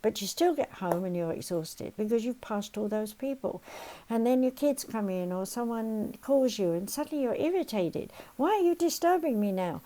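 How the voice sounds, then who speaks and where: A woman's voice: medium pitch, normal speed, low-quality recording. An older woman giving a spoken lesson as a counselor, leading listeners step by step through exercises and acting out everyday worries along the way. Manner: animated, acts out everyday worries, gives step-by-step instructions. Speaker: counselor and teacher.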